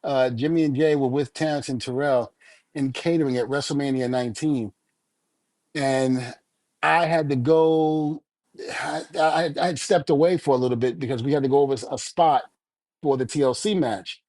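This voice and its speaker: Animated middle-aged man storyteller. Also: mid-range voice, normal speed, no echo. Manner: animated storyteller, shouts out quoted lines. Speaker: retired pro wrestler, co-host. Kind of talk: casual podcast storytelling.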